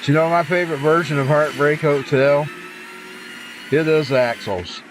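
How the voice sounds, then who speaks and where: A man chatting casually on a livestream, rambling and pausing to recall details. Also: a little high, over music. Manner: rambling, folksy, trails off to recall things. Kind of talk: casual chat between singing. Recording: noisy background.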